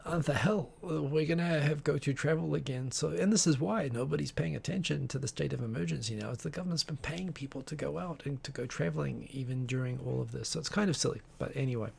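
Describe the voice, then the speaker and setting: A man's voice: a little high, fast talker, vocal fry, few pauses, a little mellow, breathy edge. A man hosting a live stream, chatting casually in a rambling, digressive way with many restarts. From Tokyo-based.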